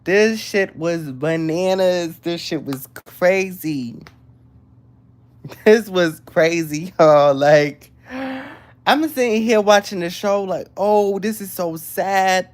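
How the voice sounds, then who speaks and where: A woman, hosting a casual livestream and chatting excitedly with viewers. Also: on the low side, slow. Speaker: livestream host.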